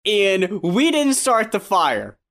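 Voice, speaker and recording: A man co-hosting a music podcast, telling a mock-serious bit in a deadpan, dramatic way. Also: high voice, slow pace. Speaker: podcast co-host. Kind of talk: casual podcast chat.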